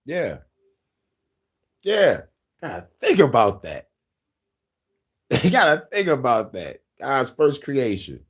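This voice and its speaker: A man reacting to a video in casual commentary, loud, excitable, profane and laughing often. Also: medium pitch, slow pace, pauses often, slightly rough.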